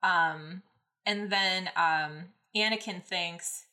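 A woman's voice: lowish voice, unhurried, bright, forceful tone. A woman podcast host casually recapping a fan story, rambling with many fillers and laughing at the plot. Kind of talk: casual fanfic recap and reading.

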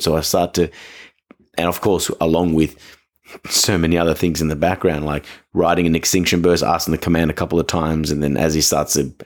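A young man hosts his own dog training podcast, talking in a casual, animated way. His voice sits very low. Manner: animated, jumps to a high excited voice when acting out talking to dogs. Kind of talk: casual solo podcast talk.

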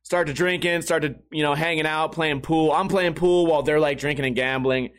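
A man's voice: fairly high pitch, steady tone, a little fast. A young man telling a story casually, rambling, swearing and laughing often as a podcast host.

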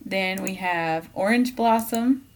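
A woman chatting casually as a podcast co-host. She rambles, loses her thread and picks it back up. Her voice sits at an ordinary pitch. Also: slow. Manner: chatty, rambling, trails off and restarts. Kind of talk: casual chat.

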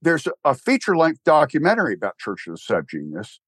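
A man's voice: on the high side, wildly swooping pitch, quick pace, fairly bright tone, breathy edge, no room sound. An older man with a Texan accent, rambling wryly in a casual interview chat, full of restarts and fillers. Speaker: guest, church co-founder.

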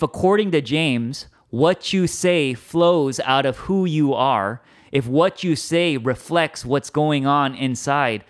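A man preaching a sermon as pastor, conversational, checking in with "okay?" and "right?" and acting out quoted arguments. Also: mid-range voice. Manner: conversational, asks "okay?" and "right?" often, acts out quoted spouses.

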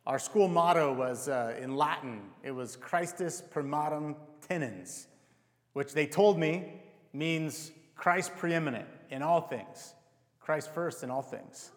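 A young male pastor preaches a sermon in a conversational, self-deprecating manner, posing rhetorical questions to the audience. His voice runs fairly high and his pace is slow. The recording carries a long hall reverb.

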